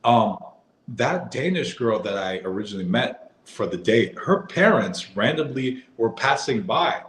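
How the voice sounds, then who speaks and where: A man's voice: mid-range voice, animated, a little slow, a bit bright, roomy sound, poor audio. A man from Boston, a podcast guest, telling stories in a chatty, casual way, filling his sentences with "like" and laughing often. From Boston, USA. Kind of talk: casual storytelling.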